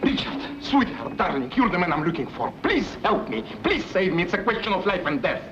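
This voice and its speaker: A man's voice: sits high, sing-song, a little fast, background noise. An actor playing a flustered Russian man with a Russian accent who puts on a fake upper-class English manner, in 1940s film acting on a dull old soundtrack. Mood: pleading. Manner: pleading, flustered, theatrical swoops. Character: jittery Russian man faking a posh English gent.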